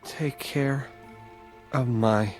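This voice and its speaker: A man's voice: mid-range voice, extremely slow, faint music behind. An actor playing a wounded man who is dying after being shot, gasping and desperate. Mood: fading. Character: wounded dying adult man, pleading brother. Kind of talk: video game voice acting.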